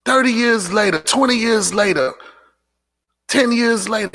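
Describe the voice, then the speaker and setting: Gravelly, emphatic man preaching self-respect. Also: high voice, measured pace, fairly bright tone. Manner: preachy and emphatic, repeats lines for punch, sassy asides. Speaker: host of a live motivational talk show. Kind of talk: live motivational monologue.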